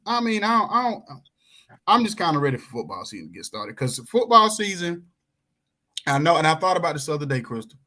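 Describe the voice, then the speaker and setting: A lively middle-aged man, talking in a bright, forceful voice that sits a little high for a man. He tells stories with big swings in pitch and acts out the people in them. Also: quick pace. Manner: animated storyteller, acts out quoted voices, swings pitch widely. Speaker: coach and podcast guest. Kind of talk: casual chat.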